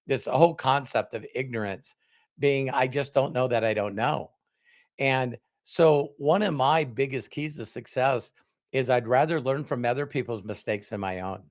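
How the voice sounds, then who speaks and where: Older man, livestream host, animated storytelling, mid-pitched voice. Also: normal speed. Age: 60s. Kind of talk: casual panel talk on a livestream.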